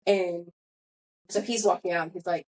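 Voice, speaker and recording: A woman's voice: lowish voice, steady tone, moderate pace, a little mellow, low-quality recording. A young woman hosting a podcast, telling a long story in a rambling, self-correcting way. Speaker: podcast host. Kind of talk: casual storytelling chat.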